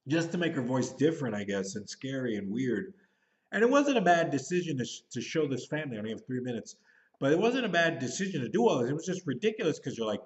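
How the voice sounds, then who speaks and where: A man's voice: a little high, very animated, fast talker, dull audio. A man in his thirties giving a casual, rambling movie review, hurrying and thinking aloud as he goes. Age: 30s.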